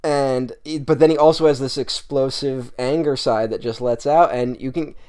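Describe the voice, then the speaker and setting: A man's voice: medium pitch, steady tone, normal speed, a little mellow, clean tone. A man talks through a film on his podcast in an easygoing, rambling way. He hesitates with ums and laughs easily, and his mid-range voice stays casual. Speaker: podcast co-host. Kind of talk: casual movie review chat.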